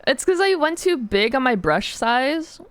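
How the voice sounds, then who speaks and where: A woman's voice: high-pitched, very animated, a little slow, no echo. A young woman streaming while she draws, chatting casually and giggling as she answers her chat.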